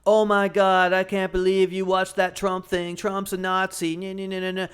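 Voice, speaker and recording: A man mimicking a shrill, indignant young woman. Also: monotone, moderate pace, fairly bright tone, clear, resonant tone. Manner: mocking, exaggerated outrage.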